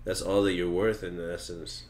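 A man's voice: sits low, flat delivery, moderate pace, a little mellow, slight background noise. Male podcast co-host, loose and profane, tells stories with acted-out quotes, casual chat.

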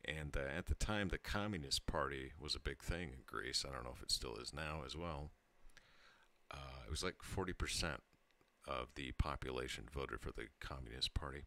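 A man's voice: extremely low pitch, lively intonation, normal speed, vocal fry, bright, forceful tone. A tipsy man in his thirties telling a rambling story to his channel, laughing and breaking off mid-sentence. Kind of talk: casual storytelling monologue.

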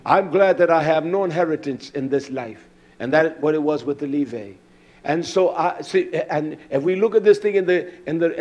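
A man preaching a sermon, reading scripture slowly and building to shouted emphasis. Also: a little high. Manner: quotes scripture with slow deliberate stress.

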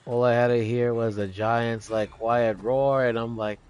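A man's voice: mid-range voice, a little slow, clear, resonant tone. Guy doing let's play commentary, gets hyped, swears a lot, jokes at the chat. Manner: excitable, swears, jokes to the viewers. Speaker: gaming YouTuber.

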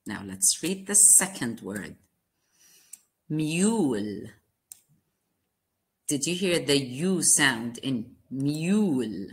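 A woman's voice: extremely low pitch, big pitch swings, drawn-out words, pauses often. A woman teaching a phonics lesson to kindergarten children, spelling out words letter by letter and asking them questions. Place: classroom lesson video.

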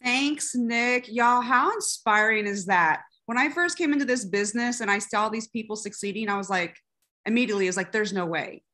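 Female co-host, gushing and tense-bright. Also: on the high side, moderate pace. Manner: gushing, excited, says y'all. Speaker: meeting co-host. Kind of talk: casual introduction.

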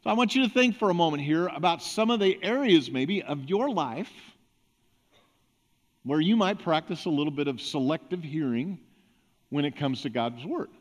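A man with a notably high-pitched voice delivers a church sermon. He talks in a relaxed, conversational way and acts out small everyday scenes to make his points. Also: normal speed. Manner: conversational preaching with acted-out examples. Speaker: pastor. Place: church sanctuary.

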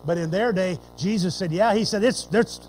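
Folksy, animated high-voiced man preaching. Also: a little fast, slight background noise, poor audio. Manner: animated, folksy, swings between loud and hushed. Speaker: pastor. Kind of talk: sermon.

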